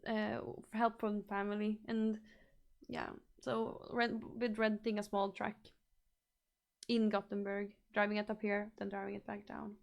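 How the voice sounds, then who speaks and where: A woman's voice: mid-range voice, completely flat delivery, unhurried, creaky. A young woman from northern Sweden, a native Swedish speaker with a Norrbotten accent, chatting casually with her stream viewers and mixing English and Swedish. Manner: chatty, restarts and repeats words, mixes English and Swedish.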